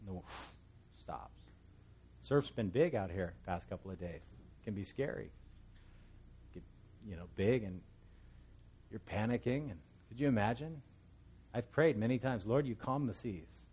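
A middle-aged pastor teaching a Bible passage in a relaxed, conversational way, with storytelling asides. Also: male voice, on the low side, moderate pace, pauses often, breathy edge.

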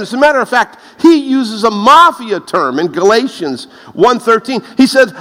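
A man preaching a lively sermon, telling stories and laughing at his own jokes. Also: normal speed, hardly any pauses. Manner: animated, laughs at his own jokes, rises in pitch when excited. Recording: long reverb of a large hall.

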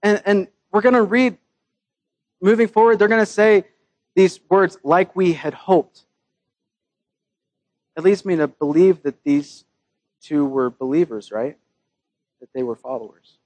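A man's voice: high-pitched, normal speed, pauses often, darkish tone, no echo. A man preaching a sermon in a casual, joking way, with his own scripture readings mixed in. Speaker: pastor.

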